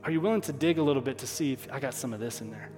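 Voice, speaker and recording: A pastor preaching a sermon, emotional at times, repeating key phrases for emphasis. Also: male voice, medium pitch, rapid-fire, a little mellow, soft background music. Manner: emotional, stops to apologize and regroup. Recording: long hall reverb.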